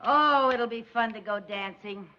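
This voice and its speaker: A woman's voice: a little high, unhurried. A woman in a 1960s sitcom, acting comic and breaking into duck quacks. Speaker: sitcom lead. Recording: dull old TV soundtrack with loud audience laughter.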